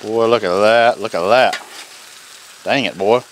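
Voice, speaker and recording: A man's voice: fairly low pitch, measured pace, slight background noise. Folksy man cooking, griddle sizzling. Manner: folksy and enthusiastic, Southern phrasing. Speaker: cooking channel host. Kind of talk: casual cooking vlog.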